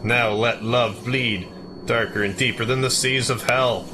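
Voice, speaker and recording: A man reading the lines of a menacing male villain aloud, drawing the words out slowly. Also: medium pitch, steady tone, background noise, lightly acted. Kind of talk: reading game dialogue aloud.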